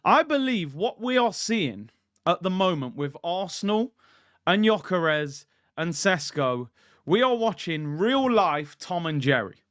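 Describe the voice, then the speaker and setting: Casting: high, animated male football streamer, dry close mic, ranting and excitable. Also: dry recording. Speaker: football YouTuber, stream host. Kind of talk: casual live-stream football commentary.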